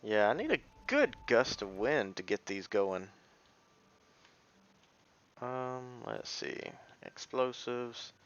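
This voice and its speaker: A man's voice: mid-range voice, very animated, takes it slowly, long pauses, fairly bright tone, clear, resonant tone, muffled recording. A man giving casual gameplay commentary as a let's play streamer, thinking aloud and muttering half-finished sentences as he plays.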